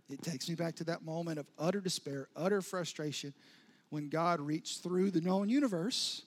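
A pastor telling a humorous, self-mocking personal story during a sermon, acting out his own past words. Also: high voice.

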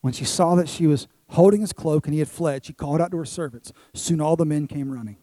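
A man's voice: a little high, steady tone, a little fast, dark tone, no echo. A man preaching a sermon as pastor, emphatic, with repeated phrases and rhetorical questions to the congregation.

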